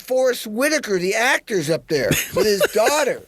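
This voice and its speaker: A middle-aged man telling backstage stories on a podcast, animated, acting out what people said and humming rhythms aloud. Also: moderate pace, no room sound. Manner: animated, acts out quotes with excited jumps in pitch. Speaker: podcast guest. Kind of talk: casual storytelling chat.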